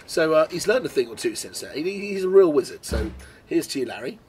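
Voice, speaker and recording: A man's voice: a little high, big pitch swings, a little fast, darkish tone, a little hiss or hum. A British man presenting a casual wine tasting on camera, chatty and enthusiastic as he tastes and comments. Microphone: camera mic.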